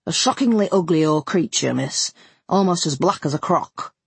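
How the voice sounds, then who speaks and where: A woman voicing a deferential male footman in a lowered, respectful voice. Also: lively intonation, normal speed, vocal fry, breathy edge, no echo, heavily acted.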